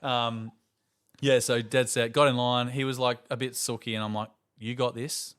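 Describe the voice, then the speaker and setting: Animated Australian dad telling stories. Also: male voice, medium pitch, normal speed, smooth. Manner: animated storyteller, acts out voices. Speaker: podcast host. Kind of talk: casual chat.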